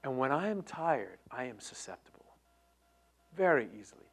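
A middle-aged man preaching a sermon, moving between loud emphatic lines and hushed near-whispers. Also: mid-range voice, big pitch swings, moderate pace, vocal fry. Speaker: pastor.

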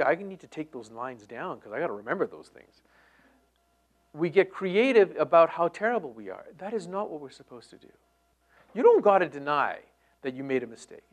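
A middle-aged man preaching a sermon, moving between loud emphatic lines and hushed near-whispers. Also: fairly high pitch. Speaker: pastor.

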